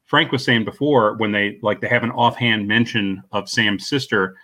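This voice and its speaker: A man's voice: lowish voice, fairly even intonation, normal speed, pushed and bright. A man hosting a casual movie podcast, chatting and laughing as he recaps a plot. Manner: chatty, laughs often, acts out quotes. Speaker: podcast host.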